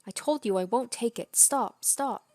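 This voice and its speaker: A woman's voice: a little high, normal speed, darkish tone, no echo, faint music behind, voice pushed up, natural voice. A woman reading the lines of a disturbed teenage girl from a visual novel, repeating herself feverishly. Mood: frantic. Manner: feverish, repetitive apologizing.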